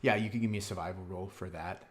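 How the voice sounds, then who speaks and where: Low-voiced man running a tabletop game. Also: fairly even intonation, slight background noise. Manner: halting, many fillers while describing scenes. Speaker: game master. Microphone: online voice call.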